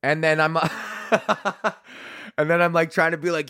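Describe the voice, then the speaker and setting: A man's voice: fairly high pitch, unhurried, pushed and bright, no echo, clean studio sound. A man hosting a podcast from home, ranting casually, swearing a lot and laughing at himself. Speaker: podcast host.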